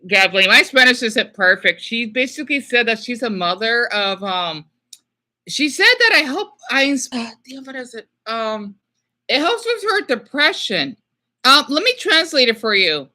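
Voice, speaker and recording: A woman on a casual livestream reading viewer messages, talking haltingly with many fillers and slipping into hesitant Spanish. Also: on the high side, big pitch swings, pushed and bright. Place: lives in Phoenix.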